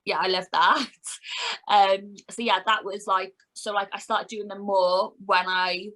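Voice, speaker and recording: A woman's voice: mid-range voice, steady tone, slow pace, fairly bright tone, low-quality recording. A woman in her thirties from Wales, a wrestler chatting casually as a podcast guest, rambling with lots of "like". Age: 30s. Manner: chatty, rambling, heavy use of "like".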